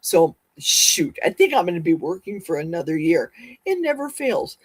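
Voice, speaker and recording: A middle-aged woman hosting a casual livestream, talking fast and rambling from one topic to the next. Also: on the low side, big pitch swings, breathy edge, no room sound. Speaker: livestream host.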